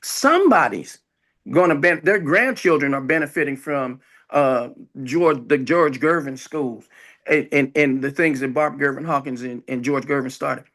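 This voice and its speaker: A man's voice: medium pitch, fairly bright tone. An older man, a former city council member, speaking reflectively on a community panel and drawing out his words for emphasis. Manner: reflective, with slow emphatic stretches. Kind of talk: panel discussion.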